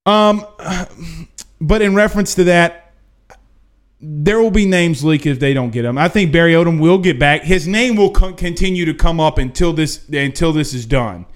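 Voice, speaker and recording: A man hosting a casual livestream, answering chat questions in an excitable, emphatic, repetitive way. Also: a little high, moderate pace. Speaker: livestream host.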